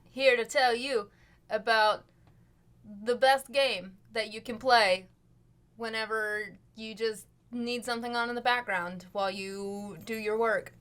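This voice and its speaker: A woman from the cast reads a sponsor plug in a goofy, slangy way. Her voice sits a little high, and she takes her time with each phrase. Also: fairly even intonation, a little slow, fairly bright tone. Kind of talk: playful sponsor read.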